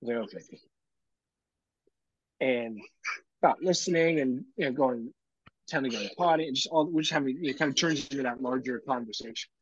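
A husky-voiced man in his thirties chats as a podcast co-host and tells his stories with lively acted quotes. His voice is close and dry, and the recording has a dull, lo-fi sound. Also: medium pitch, fairly quick, pauses often, no echo. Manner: animated storyteller, acts out quotes. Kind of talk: casual chat.

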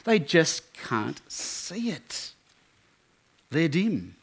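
A man giving a sermon talk at a student camp, telling stories in an animated way with many restarts. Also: a little high, drawn-out words, gravelly, slightly rough. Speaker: camp speaker.

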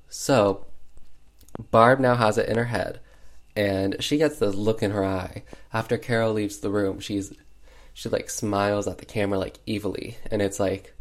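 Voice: low-pitched, steady tone, normal speed. A film reviewer recapping a movie in casual chat, full of fillers and sarcastic asides.

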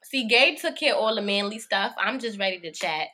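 Young woman cohost chiming in w slang, laughs a lot, lively bright voice. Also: medium pitch, fairly quick. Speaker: podcast co-host. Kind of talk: casual chat.

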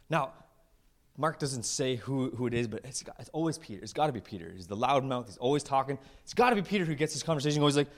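A male pastor preaching to his church, retelling a story with playful asides and quick voices for the characters. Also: medium pitch. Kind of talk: lively storytelling sermon.

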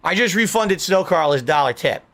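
A man's voice: on the high side, animated, moderate pace, fairly bright tone. A man livestreaming, reading viewer messages and scolding them indignantly.

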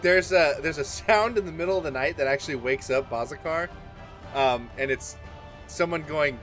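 A man with a slightly raised pitch narrates a tabletop game as its game master. His delivery is casual and halting, full of restarts. Soft music plays quietly underneath.

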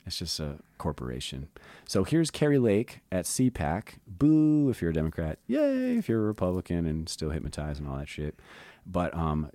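Low-voiced animated male podcast host. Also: no echo. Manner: rambling, animated, conspiratorial. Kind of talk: casual podcast chat.

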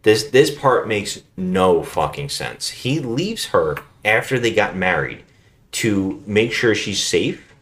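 Male podcast co-host, low voice with a lively swing, jokey and profane while recapping. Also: takes it slowly. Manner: swearing, jokey, acts out scenes in silly voices. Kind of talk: casual comedic movie recap.

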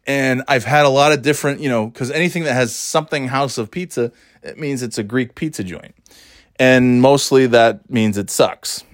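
A man's voice: mid-range voice, normal speed. A middle-aged man hosting his own podcast, talking in a rambling, casual way, swearing freely and laughing at himself. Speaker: podcast host. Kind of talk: casual solo podcast monologue.

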